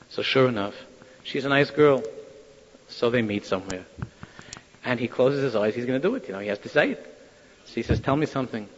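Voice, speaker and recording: A man telling a Hasidic story to listeners, acting out the quoted voices with lively shifts of tone. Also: mid-range voice, a little fast, long pauses. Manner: animated, acts out quoted voices. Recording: dull lo-fi sound in a reverberant hall.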